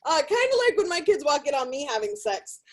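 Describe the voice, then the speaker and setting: A woman's voice: high-pitched, sing-song, brisk, low-quality recording. A middle-aged woman from California doing crude, profane stand-up comedy from a hotel room. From Sacramento, California.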